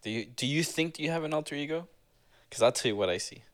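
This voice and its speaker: A man's voice: fairly high pitch, expressive, fast talker, a bit bright. Rambling, teasing podcast guy. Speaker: podcast co-host. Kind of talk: casual chat.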